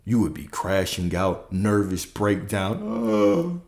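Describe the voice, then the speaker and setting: A man with a low-set voice gives a motivational coaching talk straight to his viewers. His tone is warm and relaxed, yet he drives each point home by repeating lines and posing rhetorical questions. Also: measured pace.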